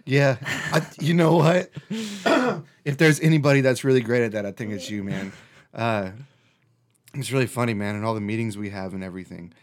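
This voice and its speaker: A man's voice: medium pitch, normal speed. A man hosting a casual chat, telling a story with lots of swearing and restarts. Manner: animated storyteller, swears freely, restarts often.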